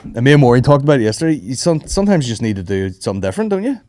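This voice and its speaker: A man's voice: mid-range voice, racing, no room sound. A man hosting a podcast, telling stories in casual chat, swearing often and putting on voices for the people he quotes. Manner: swearing, animated storytelling with mimicked voices. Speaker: podcast host.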